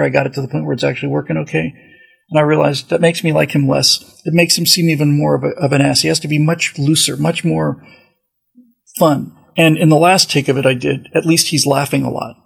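A man with a fairly high voice and a deeply gravelly, rasping texture. He hosts a podcast and talks casually, rambling through asides and restarts. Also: low-quality recording. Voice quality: very gravelly, raspy voice. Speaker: podcast host. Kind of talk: casual monologue.

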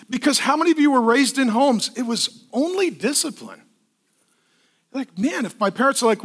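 High, bright-voiced preacher man. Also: moderate pace. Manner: animated storytelling with acted kid voices, asks the congregation for responses. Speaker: pastor. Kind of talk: sermon.

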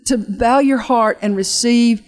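Leading an altar call after sharing an emotional testimony, a woman ministry leader speaks in a slightly high, darkish voice. Her earnest, fervent preaching comes with halting restarts and slows for emphasis.

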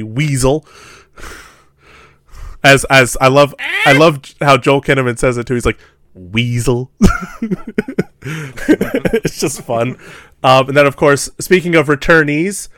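A man co-hosting a casual podcast about a film, animated and laughing often. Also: medium pitch, dry recording, studio quality. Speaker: podcast co-host. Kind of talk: casual movie discussion.

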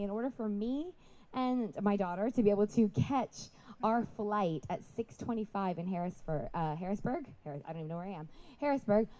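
A woman speaking live at a Christian festival, raising her voice to reach the back of the audience, with chatty, apologetic asides. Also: mid-range voice. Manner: projecting loudly to reach the back. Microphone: PA microphone.

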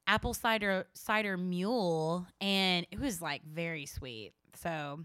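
A woman's voice: lowish voice, slow pace, a bit bright, smooth, dry recording, studio quality. A woman co-hosting a podcast, chatting casually and giggling, with many fillers. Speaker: podcast co-host. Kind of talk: casual chat.

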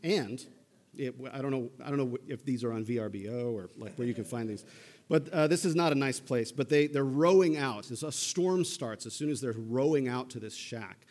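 A male pastor preaching in an easy, conversational manner, pausing to check that listeners follow. His mid-range voice carries a long reverb from a big hall. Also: medium pitch, a little mellow. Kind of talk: sermon.

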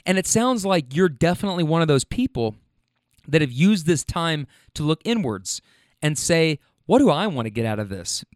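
A man hosting a casual monologue, animated and frank, swearing freely as he retells a conversation. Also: fairly high pitch, moderate pace, no room sound, clean studio sound.

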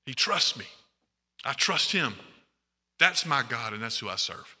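A man preaching a sermon, animated and often asking the congregation questions. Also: mid-range voice, a little slow, slightly rough, long reverb tail.

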